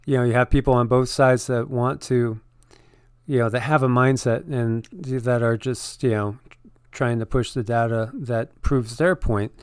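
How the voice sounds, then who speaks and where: A man's voice: mid-range voice, fairly even intonation, a little slow, clean tone, no room sound, clean studio sound. A man co-hosting an online channel, giving casual, rambling commentary on news figures and filling his talk with "you know" and restarts.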